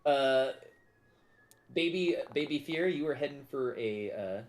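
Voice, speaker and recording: A man's voice: medium pitch, expressive, unhurried. A man running a tabletop game as game master, narrating in an easygoing, amused way.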